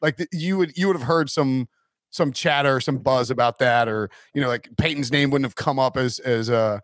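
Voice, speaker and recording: A male podcast host in casual chat, rambling and full of fillers. His voice is mid-pitched, and the sound is dry and close. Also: normal speed, fairly bright tone, no room sound.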